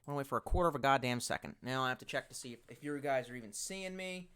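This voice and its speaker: Profane rambling young man, bright voice. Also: mid-range voice, racing, clear, resonant tone. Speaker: livestream host. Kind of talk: casual livestream chat. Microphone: bluetooth headset.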